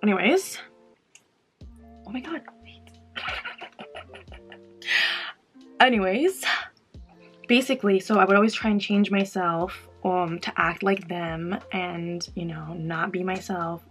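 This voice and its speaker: A woman's voice: lowish voice, steady tone, a little slow, soft background music. A young woman vlogger talking candidly about her past while doing her makeup, in a casual get-ready-with-me chat. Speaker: beauty vlogger.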